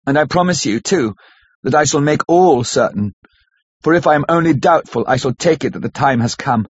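A man reading the part of a rough, loyal young man swearing an earnest oath in an audiobook. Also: a little high, animated, normal speed, dry recording. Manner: earnest, vowing. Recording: dull lo-fi audiobook recording.

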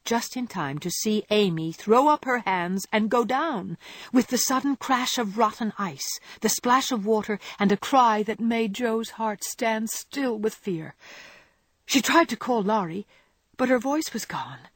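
Breathy woman narrating a classic novel. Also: on the high side, no room sound. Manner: expressive, measured storytelling. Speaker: audiobook narrator.

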